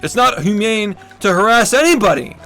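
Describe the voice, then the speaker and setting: Brief: male streamer, higher voice, heated profane rant, faint music underneath. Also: expressive, moderate pace, pushed and bright. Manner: angry, profane ranting. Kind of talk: livestream rant.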